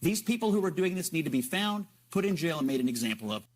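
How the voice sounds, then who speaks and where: A man who is a political commentator, arguing forcefully and interrupting on a heated TV panel. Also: fairly high pitch, big pitch swings, fast.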